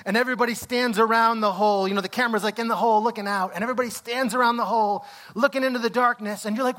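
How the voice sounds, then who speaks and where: Middle-aged male pastor, storytelling sermon, high and bright, acts out the lines. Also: fast, few pauses. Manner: storytelling, animated, acts out exclamations.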